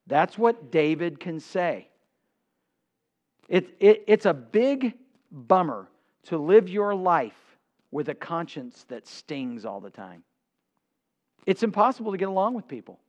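High voiced guy preaching, goes quiet then loud, kinda muffled lo-fi sound. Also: takes it slowly, long pauses. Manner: animated preaching, swings from quiet to emphatic. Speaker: pastor. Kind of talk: sermon.

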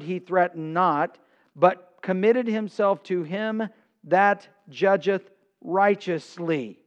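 A man preaching a sermon, reading scripture and swinging from quiet asides to emphatic outbursts. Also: high voice. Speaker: pastor.

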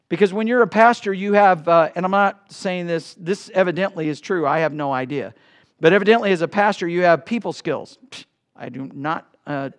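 A middle-aged male pastor preaching a sermon in a church, swinging between loud bursts and hushed asides. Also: high-pitched. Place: church sanctuary.

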